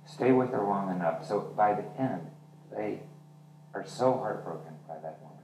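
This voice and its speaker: Low-voiced male author in a roomy hall. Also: lively intonation, moderate pace, dark tone. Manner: candid storytelling with quoted dialogue. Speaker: author and journalist. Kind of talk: casual talk about his novel at a reading. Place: literary venue hall. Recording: roomy hall from far off, faint noise.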